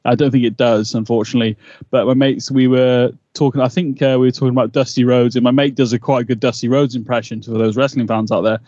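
A man, co-hosting a podcast and rambling through his thoughts in an animated way, laughing a lot. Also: mid-range voice, quick pace, no room sound. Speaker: podcast co-host. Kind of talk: casual episode recap chat. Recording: slightly dull, dry mic sound.

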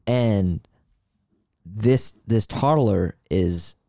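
Talking extremely slowly, this man has a lowish, dark voice captured in a clean studio with no room sound. As a podcast co-host, he shares an earnest, candid story from his own time in therapy during a casual chat.

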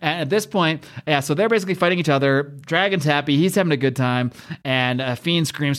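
A man's voice: fairly high pitch, brisk, a bit bright. A man hosting a comic book podcast in casual, enthusiastic chat, rambling through the story and laughing often.

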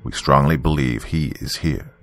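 A man's voice: very deep voice, moderate pace, fairly bright tone, soft background music, voice pushed down. A man voicing a stern male federal agent who speaks in a firm, commanding way. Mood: reassuring.

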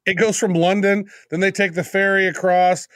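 A man's voice: high-pitched, level tone, fairly bright tone, no room sound, clean studio sound. A man guesting on a podcast, talking casually and teasing his co-host as he tells of upcoming trips. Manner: quick, teasing storyteller.

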